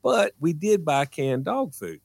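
A man's voice: a little slow, vocal fry, no echo, clean studio sound. A man telling a funny childhood story on a radio show, acting out his mother's lines. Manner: animated, acts out his mom in a high voice. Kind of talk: casual storytelling on morning radio.

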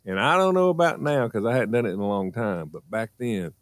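A man's voice: a little fast, no room sound, clean studio sound. A man telling a funny childhood story on a radio show, acting out his mother's lines. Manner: animated, acts out his mom in a high voice. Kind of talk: casual storytelling on morning radio.

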